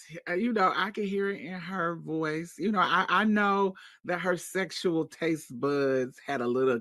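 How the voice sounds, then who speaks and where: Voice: medium pitch, pushed and bright, dry recording. A panel host gossiping in casual chat, sassy and laughing often.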